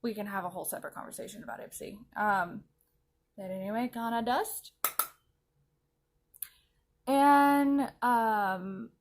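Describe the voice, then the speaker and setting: Woman vlogger with a slightly higher voice, rambling and giggly over a makeup routine. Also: measured pace, long pauses. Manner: chatty, rambling, laughs often. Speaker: anime vlogger. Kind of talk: casual chat while doing makeup. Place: at home, applying makeup.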